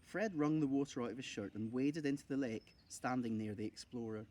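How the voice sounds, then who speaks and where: A male primary school teacher reading a children's novel aloud in a steady, expressive way. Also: mid-range voice, brisk.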